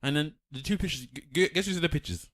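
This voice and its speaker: A man's voice: a little high, quick pace. A man co-hosting a podcast, chatting casually and retelling stories with quotes. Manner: animated storytelling, reads out quotes. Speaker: podcast co-host. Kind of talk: casual chat.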